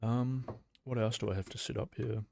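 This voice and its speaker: A man's voice: medium pitch, fairly even intonation, normal speed, creaky, darkish tone, no echo, studio quality. A young man hosting a casual livestream, rambling with lots of fillers and laughing between thoughts. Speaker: livestream host.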